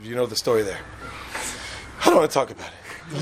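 A man teaching a Torah class in an animated way, quizzing his listeners and laughing at his own jokes. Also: mid-range voice, fairly quick, pauses often. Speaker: religious teacher.

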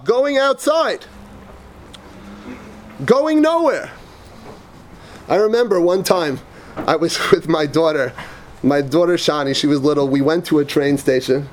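A man, a rabbi, giving an emphatic lecture to yeshiva students, repeating phrases, telling personal stories and dropping Hebrew and Yiddish terms into his English. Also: high-pitched.

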